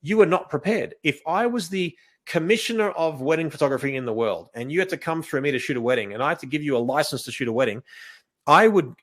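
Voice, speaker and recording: A man teaching wedding photography in a casual, animated way, acting out what he says to couples and often restarting his sentences. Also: on the high side, fast. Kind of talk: casual coaching talk.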